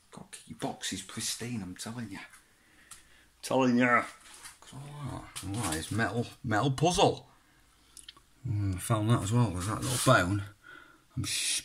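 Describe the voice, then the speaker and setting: With a fairly low pitch and a little hiss or hum on the recording, this vlogger goes through his child's old belongings box by box. He talks casually to the child who isn't there, wandering off topic, swearing, and chuckling.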